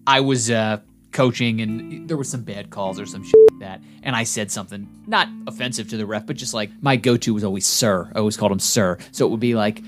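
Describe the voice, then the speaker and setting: A man co-hosting a comedy podcast who laughs often and tells stories in a relaxed, chatty way. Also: fairly low pitch, a little fast, over music. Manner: laughs often, animated when telling stories. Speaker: podcast co-host. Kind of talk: casual comedic chat and storytelling.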